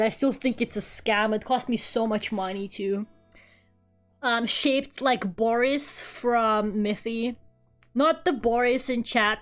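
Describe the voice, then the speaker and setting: A fairly high-voiced woman chatting on a live drawing stream, rambling from one story to the next. She swears casually and breaks into laughs. Soft music plays faintly behind her. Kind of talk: casual chat while drawing.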